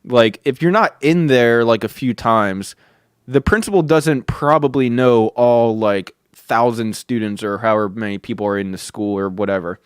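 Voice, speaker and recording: A man's voice: medium pitch, moderate pace, smooth, dry recording, clean studio sound. A man hosting a podcast who tells a story in a casual way, with many fillers and free swearing. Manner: chuckling, swears freely, filler-heavy. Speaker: podcast host.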